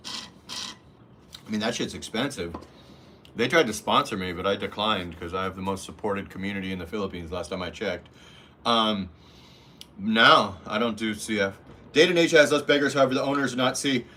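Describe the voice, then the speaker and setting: A blunt, foul-mouthed man chats through a livestream, answering his viewers' comments. His voice has a bright, forward edge. He talks casually and crudely, and he sometimes mimics the people in his stories. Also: mid-range voice, a little hiss or hum. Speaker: livestream host reading chat.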